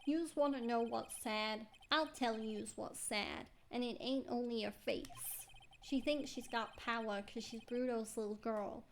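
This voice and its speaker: A woman's voice: fairly high pitch, measured pace, slight background noise. A woman voicing a brash male swindler in a mob style, with a New York accent and tough-guy slang. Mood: menacing.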